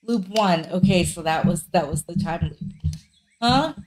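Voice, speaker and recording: A woman's voice: lowish voice, moderate pace, a little mellow, low-quality recording. A woman playing a story game, reading its second-person narration aloud dramatically, with short asides of her own. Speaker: let's player.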